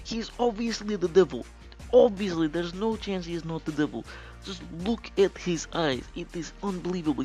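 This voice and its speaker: A young man giving crude, mock-outraged commentary on a video game team. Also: a little high. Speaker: video host. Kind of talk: casual gameplay commentary.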